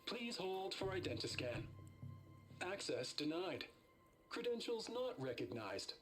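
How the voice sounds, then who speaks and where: A man's voice: high voice, very animated, a little slow, fairly bright tone, faint music behind, exaggerated voice. A man voicing a male security system AI in a video game, giving clipped automated announcements. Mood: mechanical.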